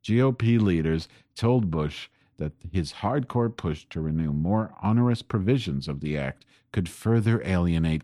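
A man's voice: a bass voice, a little mellow, no echo, clean studio sound. A man hosting a home-recorded podcast, talking in a rambling, profane political rant that grows angry. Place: home desk. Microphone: desk microphone pointed at keyboard.

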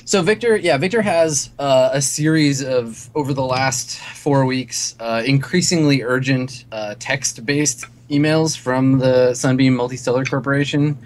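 A man's voice: mid-range voice, a little slow, few pauses, a little hiss or hum. A man as game master, narrating a tabletop game loosely with many fillers, over a video call.

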